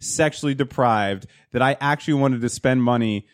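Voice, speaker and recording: A man's voice: medium pitch, normal speed. A man in crude casual podcast chat, rambling and joking about himself. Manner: rambling, joking, self-deprecating.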